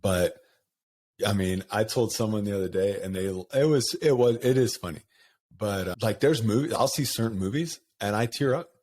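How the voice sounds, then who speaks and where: A man's voice: fairly low pitch, normal speed, darkish tone. A middle-aged man hosting a podcast, talking candidly in a rambling, casual way and laughing often. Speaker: podcast host. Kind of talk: casual conversation.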